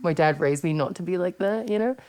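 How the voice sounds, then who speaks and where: With a fairly low, mellow voice and a fairly quick delivery, this English woman in her thirties hosts a casual chat. She's a podcaster and wrestler whose style is blunt, laid-back and full of swearing.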